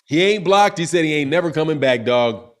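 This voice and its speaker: A man's voice: fairly high pitch, fairly quick. A man hosting a casual boxing livestream, reading super chats aloud in slangy, repetitive, laughing talk. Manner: animated, slangy, repeats himself, laughs often. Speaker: boxing channel host.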